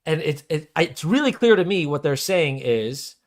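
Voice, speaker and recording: A man's voice: a little high, expressive, normal speed. Blunt man in podcast chat. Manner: blunt, sarcastic, emphatic remarks. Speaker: podcast co-host.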